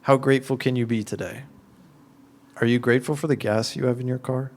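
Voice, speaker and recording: A man speaking to an audience in a relaxed question-and-answer session. He explains ideas through lively everyday examples and keeps his delivery conversational, filling it with frequent "like"s. His voice sits at an ordinary middle pitch. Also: brisk. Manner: conversational, animated storytelling with many "like"s. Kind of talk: informal talk and Q&A.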